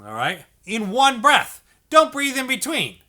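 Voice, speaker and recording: A man with a very high, bright voice and huge pitch swings speaks unhurriedly with a forceful tone, soft music behind him. He's a music teacher giving a beginner clarinet lesson in an instructional video, patient and encouraging, checking in with "okay" and "all right" and singing note syllables to demonstrate.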